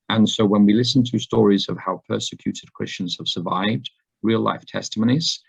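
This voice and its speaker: A man giving a sermon talk to a congregation, hoarse after laryngitis, unhurried and full of ums and uhs. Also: fairly low pitch. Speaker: guest speaker. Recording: dull lo-fi recording.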